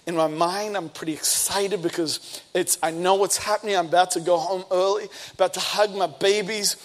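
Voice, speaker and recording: Energetic man preaching a story-filled sermon. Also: high-pitched, moderate pace. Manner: energetic storytelling, bursts of speed and emphasis. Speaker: pastor.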